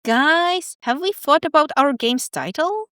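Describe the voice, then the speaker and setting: High-voiced young woman telling a story. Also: lively intonation, unhurried, fairly bright tone, echoey room. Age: young adult. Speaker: student animator and devlog narrator. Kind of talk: storytime narration for an animation.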